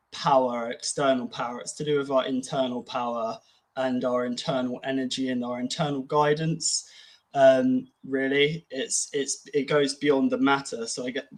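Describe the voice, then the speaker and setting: A man's voice: mid-range voice, low-quality recording. A man co-hosting a casual podcast chat, musing aloud in an easygoing way with many fillers. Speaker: podcast co-host.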